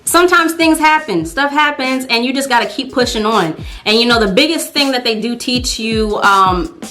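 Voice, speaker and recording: Bright-voiced young woman vlogger. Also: fairly high pitch, normal speed. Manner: chatty, lots of fillers, acts out her own thoughts. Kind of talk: casual storytime.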